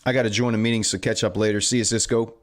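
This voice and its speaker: A man hosts a trading live stream from his desk and chats offhandedly with viewers. His voice sits on the low side, and he reads out comments and wanders between thoughts, often correcting himself mid-sentence. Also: level tone, rapid-fire. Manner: rambling, offhand, self-correcting.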